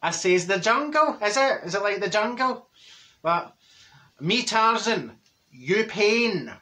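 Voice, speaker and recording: A man's voice: sits high, lively intonation, slow, pushed and bright, exaggerated voice. A man playing a cheeky, blunt older woman from Glasgow with a Glaswegian accent, rambling through a gossipy comic monologue and laughing at his own jokes.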